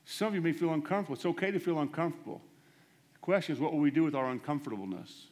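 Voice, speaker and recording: A man preaching a storytelling sermon, animated and self-deprecating, swinging between loud bursts and hushed asides as he acts out the dialogue. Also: fairly high pitch, rapid-fire.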